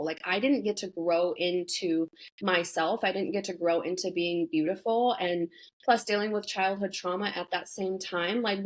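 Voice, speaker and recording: A woman's voice: on the low side, low-quality recording. A young adult woman, a guest on an interview show, talking candidly and bluntly, with frequent swearing and lots of "like" and "you know" fillers. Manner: emphatic, blunt, swears freely. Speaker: interview guest, former reality show contestant.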